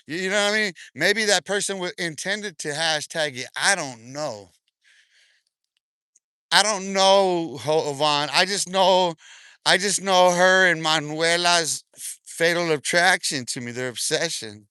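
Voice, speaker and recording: A man on a livestream talks trash in a boastful, taunting rant, cursing freely and laughing often. His voice is bright and smooth, a little higher than most men's. It comes through a close, dry mic with no room sound. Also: unhurried, dry recording.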